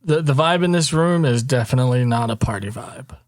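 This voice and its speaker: A man running a tabletop role-playing game as game master, narrating scenes in an easygoing, even way. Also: mid-range voice, brisk, dry recording, clean studio sound.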